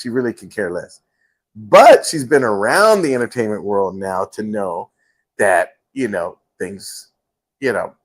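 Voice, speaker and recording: Rambling man hosting from home. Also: medium pitch. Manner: rambling storyteller, many fillers. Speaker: host. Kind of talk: casual livestream chat.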